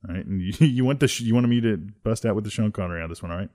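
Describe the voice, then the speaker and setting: A man's voice: on the low side, racing, hardly any pauses, warm tone. A man talking casually and hesitantly before reading audition lines. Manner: hesitant, many fillers. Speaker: voice actor auditioning.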